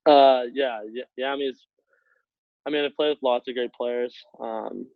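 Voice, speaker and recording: A young man from Canada tells stories in a relaxed, chatty way, often laughing between words. His voice comes through a tinny, phone-like call line with a dry, close sound and a middle pitch. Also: unhurried, gravelly, no echo. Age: young adult. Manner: laughs often while telling stories, relaxed, filler-heavy. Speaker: guest, hockey player. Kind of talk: casual storytelling. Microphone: call over internet.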